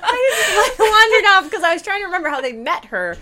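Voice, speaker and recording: A woman's voice: very high voice, very animated, fairly quick, sharp tone. A woman co-hosting a podcast, telling rambling, giggly stories in casual chat. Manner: rambling, giggly storyteller full of "like". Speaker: podcast co-host.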